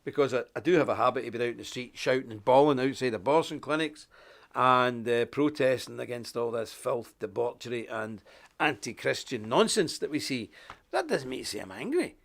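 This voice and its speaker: A man from Ulster with an Ulster Scots accent, hosting a live show in an animated, chatty monologue and chuckling often. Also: medium pitch, a little fast, vocal fry. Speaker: host.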